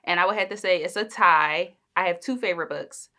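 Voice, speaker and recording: A woman's voice: fairly low pitch, a little fast, bright, forceful tone. A young adult woman hosting a podcast, chatting casually and rambling, with lots of fillers and "like"s. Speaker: podcast host. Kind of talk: casual solo podcast chat.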